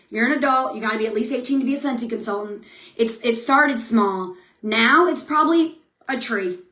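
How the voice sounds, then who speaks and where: A woman's voice: sits high, reverberant. A woman in her thirties giving a frank, upbeat motivational talk to a sales team, often checking in with "okay?". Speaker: motivational speaker.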